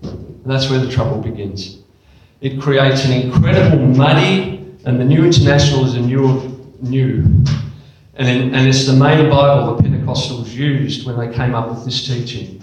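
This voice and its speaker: A man preaching a sermon, emphatic and animated, throwing rhetorical questions at his congregation and dropping to quiet asides. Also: moderate pace, slight background noise. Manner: animated and emphatic, swinging from loud exclamations to low, quiet asides. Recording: very echoey church hall.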